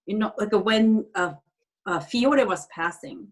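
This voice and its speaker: A woman telling a personal story in a casual group chat, halting and often restarting her sentences, with non-standard grammar. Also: medium pitch, lively intonation. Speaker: group participant sharing a story.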